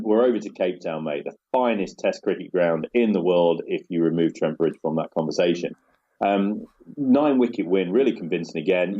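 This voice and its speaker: A man hosting a casual cricket podcast, chatty and quick to laugh as he rolls through match scores. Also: deep voice, mellow, slightly rough, lo-fi sound. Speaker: podcast host.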